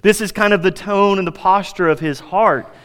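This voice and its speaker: A pastor preaches animatedly in a slightly high, clean voice at a moderate pace, building energy and rising in pitch for emphasis before sinking to a hush. The sermon rings through a hall with a long, lingering reverb.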